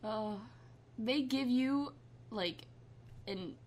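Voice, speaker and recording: A woman's voice: fairly high pitch, extremely slow, a little mellow, slight background noise. Blunt, teasing woman chatting casually. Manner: blunt, teasing, jokey banter. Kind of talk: casual chat.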